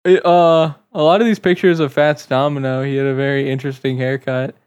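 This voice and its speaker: A young man with an ordinary mid-range voice trading blunt jokes in casual podcast chat. He is quick with a profane quip and keeps the tone loose. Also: medium pitch, level tone, darkish tone, smooth, lo-fi sound. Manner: blunt, joking, profane quips. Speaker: podcast co-host.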